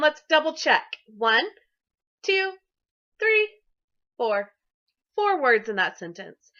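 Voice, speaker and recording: High, lively, slow-spoken woman teacher. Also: dull audio. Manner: encouraging, sing-song, speaks to young children. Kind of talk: early-grade classroom lesson. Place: classroom.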